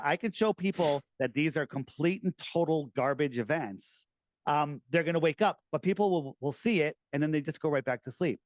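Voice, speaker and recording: A middle-aged American man talking casually in an interview, animated and rambling, with many restarts. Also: medium pitch, no room sound. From United States. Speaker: podcast host, guest.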